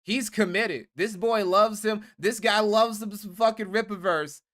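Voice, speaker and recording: A man's voice: high voice, fairly even intonation, a little slow, a bit bright. A man hosting a livestream, reading donations aloud and ranting in a profane, exasperated way. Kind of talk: casual livestream commentary.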